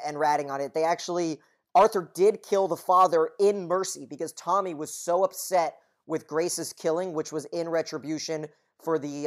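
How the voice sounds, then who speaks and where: A man co-hosting a podcast, recapping plot details quickly and casually, sometimes swearing. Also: fairly high pitch. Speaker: podcast co-host.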